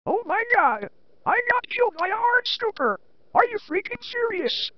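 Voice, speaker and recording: A short-fused male hedgehog from a fan-made cartoon who rants and blows up easily, as a woman voices him. The voice is very high with lively swings. It sounds dry and lo-fi, with no room around it. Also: dry recording. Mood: furious. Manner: ranting, quick to blow up. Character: hot-tempered dark male hedgehog, easily angered. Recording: dry, dull lo-fi home recording.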